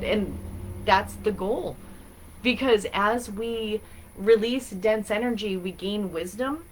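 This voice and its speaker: Woman, bubbly, rambling, casual spiritual guidance, live-stream host, mid pitch. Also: unhurried, a little hiss or hum. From Massachusetts. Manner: chatty and bubbly, rambling with fillers.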